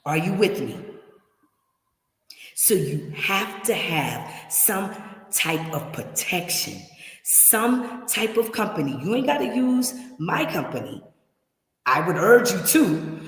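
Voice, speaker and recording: A woman's voice: mid-range voice, big pitch swings, slow pace. Emphatic woman, roomy echo. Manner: emphatic, repeats warnings, talks straight to viewers. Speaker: relocation services host. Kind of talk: livestream advice talk. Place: her home in Kenya.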